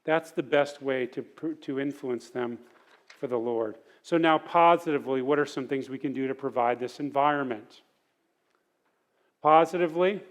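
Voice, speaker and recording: A middle-aged man teaching a parenting sermon at church in an earnest, conversational way. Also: mid-range voice.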